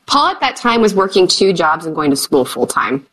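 A woman's voice: on the low side, very animated, normal speed, a bit bright, poor audio. Earnest chatty woman guest. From United States. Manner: earnest, chatty, many "like" fillers. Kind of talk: candid conversation.

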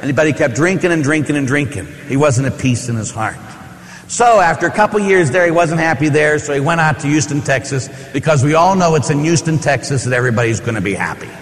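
A man's voice: a little high, expressive, quick pace, long reverb tail. A man, a Catholic priest giving a conversational, story-filled sermon with asides and rhetorical questions. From Pittsburgh.

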